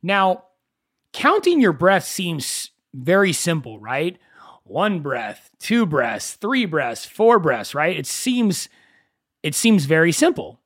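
A man with a somewhat high voice hosts a solo podcast. He talks casually and tells stories with animation, often poking fun at himself. The sound is dry and close. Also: slow pace, no room sound. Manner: conversational, animated storytelling with self-mocking asides. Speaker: podcast host.

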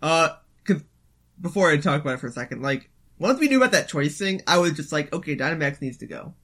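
A man co-hosting a casual gaming podcast, talking in an animated way and using lots of fillers. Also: on the high side, fast. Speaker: podcast co-host.

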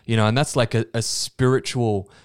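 A man's voice: medium pitch, little pitch movement, normal speed, clean tone. A man, co-hosting a casual podcast in a studio, talking earnestly about faith with plenty of "you know" and "um". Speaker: podcast co-host.

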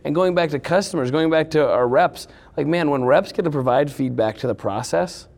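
A man's voice: a little high, gravelly, a little mellow. A man being interviewed as a company co-founder, talking eagerly in casual chat and leaning on filler words. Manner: eager, rapid, full of "like" fillers. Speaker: company co-founder, podcast guest.

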